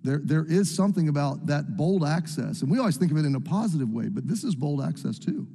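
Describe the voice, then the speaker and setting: A man's voice: fairly high pitch, warm tone. A man preaching a sermon, reading scripture and acting out the psalmist's cries with a rising voice. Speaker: pastor. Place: church sanctuary. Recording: echoey hall with long reverb.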